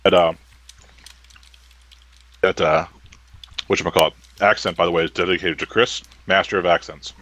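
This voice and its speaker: A man narrating as game master for a tabletop game, relaxed and hesitant with many ums. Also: low-pitched, moderate pace, long pauses, no echo, rough recording.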